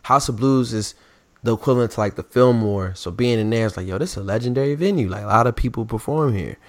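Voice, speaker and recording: Animated young man telling stories. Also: medium pitch, quick pace, no echo. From the DMV area. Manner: animated, acts out quotes in raised voices. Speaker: podcast co-host. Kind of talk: casual storytelling chat.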